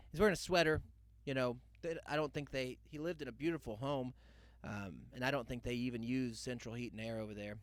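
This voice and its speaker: A man's voice: medium pitch, steady tone, a little fast, dry recording. Young guy rambling through a funny story on his podcast, middle voice, no room sound. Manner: loose storytelling with asides and mock quotes. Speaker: podcast host. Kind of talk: rambling comedic monologue.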